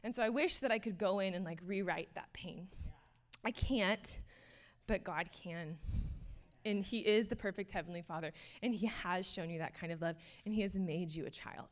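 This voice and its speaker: Young woman, sermon, earnest and casual, lots of fillers, mid pitch. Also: fairly quick. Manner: earnest, casual, many fillers, laughs between points. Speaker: speaker.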